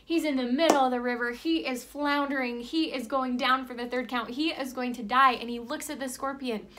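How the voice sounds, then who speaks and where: A woman's voice: high-pitched, steady tone, a little fast, few pauses, fairly bright tone, a little hiss or hum. A young woman life coach telling a fable in a motivational vlog, upbeat and chatty, with lots of "like" and "right?".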